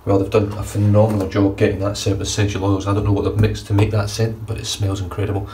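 A man's voice: fairly low pitch, little pitch movement, quick pace, warm tone. A man in a bathroom giving a casual, blunt and sweary shave review. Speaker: wet-shaving vlogger. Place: indoor bathroom. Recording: distant mic with faint room noise.

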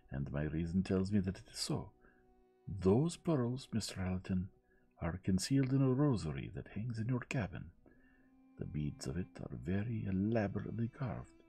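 A man's voice: deep voice, creaky, dark tone, slightly rough, voice pushed up, heavily acted. Hercule Poirot, a man voicing a precise older detective. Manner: measured, formal and deliberate. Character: shrewd older male detective, calm and precise. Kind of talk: gentle audiobook reading.

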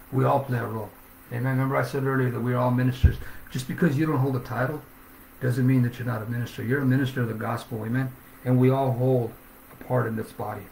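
Gravelly fervent preacher man. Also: mid-range voice, darkish tone, slight background noise. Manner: fervent, punctuates with "Amen?"; reads scripture aloud. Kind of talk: sermon. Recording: echoey room.

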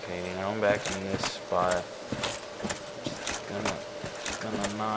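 A man commentating his own gameplay in a casual let's play, swinging between quiet mumbles and excited yelps. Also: fairly low pitch, measured pace, heavy background noise. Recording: loud game sounds behind voice.

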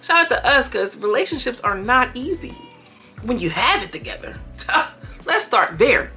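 A woman's voice: on the high side, sing-song, measured pace, sharp tone, faint music behind. A woman casually reviewing a reality show from home, chatting directly to her viewers with blunt, opinionated commentary.

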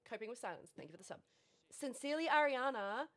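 A woman's voice: high-pitched, sing-song, normal speed, a bit bright. Breathless New Zealand woman streamer. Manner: frazzled, laughing, rattling off thank-yous. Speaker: livestreamer. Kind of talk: casual live-stream chat.

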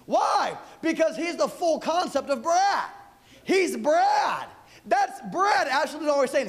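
High-voiced preaching man, shouting refrains. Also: animated, moderate pace. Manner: preaching with shouted, repeated refrains and playful asides. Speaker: pastor. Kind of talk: sermon.

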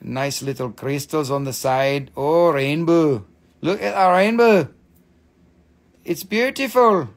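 A man hosting a live-stream mineral sale, gushing excitedly over each stone, swearing freely and calling out prices. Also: on the high side, slow pace. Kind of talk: live-stream sales chat.

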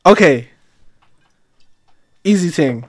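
A man's voice: on the high side, lively intonation, slow pace, no room sound, clean studio sound. A young man hosting a podcast in casual, playful chat. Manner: playful, laughs often. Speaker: podcast host.

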